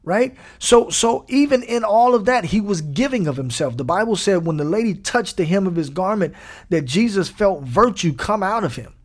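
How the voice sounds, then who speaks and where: A man preaching a sermon, animated, repeating phrases and rising to emphatic peaks. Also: sits high, moderate pace. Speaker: pastor.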